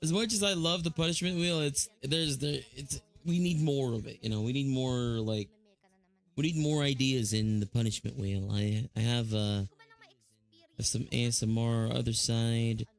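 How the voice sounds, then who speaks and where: A man's voice: mid-range voice, steady tone, measured pace, creaky, a little mellow. A man with a Filipino accent chatting casually on a live stream, rambling with lots of fillers and restarts.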